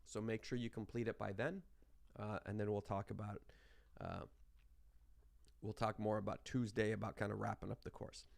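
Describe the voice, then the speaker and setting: Gravelly-voiced male math teacher, chewing gum. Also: on the low side, flat delivery, normal speed, pauses often, no echo. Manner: informal, explains with asides. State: fighting a cough, chewing gum. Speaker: math instructor. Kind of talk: class lecture.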